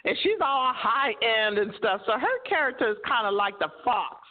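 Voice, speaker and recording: A middle-aged American woman, a guest on an interview show, chatting in an animated way, laughing often and acting out the voices in her stories. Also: a little high, normal speed. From United States. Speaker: guest, co-host of a cooking show. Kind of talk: casual interview chat. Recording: tinny phone-like line.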